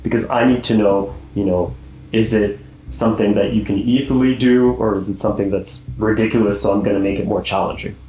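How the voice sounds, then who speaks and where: A man's voice: lowish voice, steady tone, a little fast, darkish tone, a little hiss or hum. A man narrating as game master of a tabletop game, easygoing, laughing often and explaining the rules patiently. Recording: echoey room with faint music.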